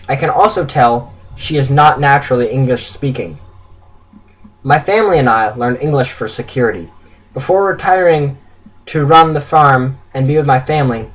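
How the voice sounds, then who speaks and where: A man's voice: medium pitch, poor audio. A man reading his own written story aloud in an earnest way, with stumbles and self-corrections.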